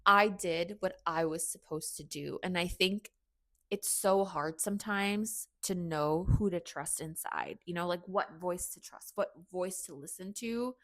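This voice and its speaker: A woman's voice: lowish voice, measured pace, fairly bright tone, no room sound, clean studio sound. Chatty young woman telling a story. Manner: chatty, candid, frequent "like" and self-mocking asides. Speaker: podcast host. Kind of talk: casual personal storytelling.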